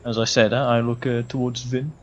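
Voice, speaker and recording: A man's voice: medium pitch, little pitch movement, brisk. A man playing in a tabletop game and speaking in character, hesitant and full of fillers. The recording is a little dull, with faint noise behind him. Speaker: player.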